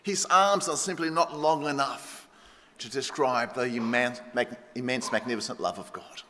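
A middle-aged Australian man preaching a sermon in a church, emphatic, swinging between loud stresses and hushed lines. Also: mid-range voice, moderate pace, slight background noise. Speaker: pastor. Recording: reverberant church hall.

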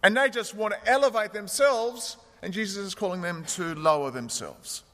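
Man preaching a sermon, earnest storyteller, highish voice, echoey church. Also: moderate pace, a bit bright. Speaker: pastor.

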